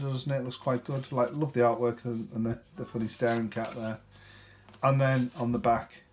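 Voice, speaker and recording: A man's voice: mid-range voice, slight background noise. A man casually talking through a board game unboxing, chatty and rambling, often ending with tag questions.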